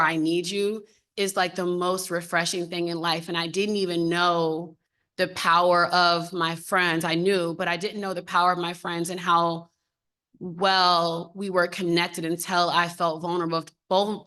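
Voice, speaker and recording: A woman's voice: fairly low pitch, fairly bright tone. A woman in her thirties speaking on a panel in an open, heartfelt, conversational way. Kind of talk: candid panel talk. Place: symposium panel.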